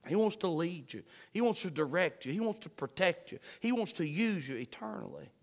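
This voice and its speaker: A man preaching a sermon, fervent, swinging between shouts and hushed pleading. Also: high voice, lively intonation, a little fast, creaky. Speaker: pastor. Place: church sanctuary. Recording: long hall reverb.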